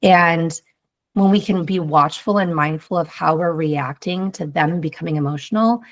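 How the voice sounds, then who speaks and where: A woman's voice: low voice, moderate pace. A woman guest on a podcast talking casually about motherhood, rambling and reflective, with many fillers. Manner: rambling, heavy use of "like", reflective. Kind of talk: casual conversation.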